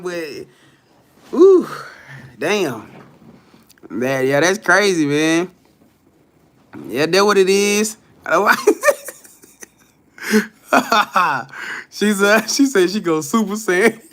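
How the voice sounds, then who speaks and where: Bright, high-voiced man chatting live. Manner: loose, profane and animated, laughing often, answering the chat aloud. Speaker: livestream host reading viewer comments. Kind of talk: casual unscripted live-stream chat.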